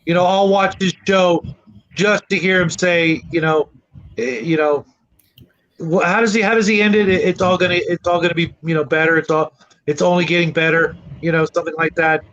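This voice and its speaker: High-voiced man, muffled, rambling. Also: fairly even intonation, fairly quick. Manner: warm, rambling, many "you know" fillers. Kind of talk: casual chat.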